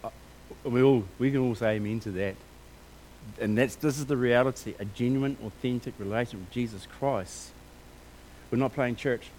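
A man preaching a sermon with passion, moving between quiet reflection and loud, emphatic declarations, with casual asides. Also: medium pitch, moderate pace, long pauses, slight background noise. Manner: informal, scattered with casual asides.

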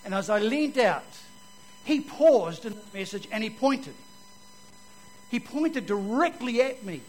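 High-voiced New man telling his testimony. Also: animated, measured pace, low-quality recording. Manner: vivid storyteller, swings from loud to hushed. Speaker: speaker giving his testimony. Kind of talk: personal testimony told to an audience.

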